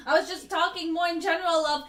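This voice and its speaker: A bilingual woman co-hosting a podcast, chatting casually in an animated, opinionated way, laughing now and then. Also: very high-pitched, fast talker, reverberant. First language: Spanish. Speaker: podcast co-host. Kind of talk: casual chat.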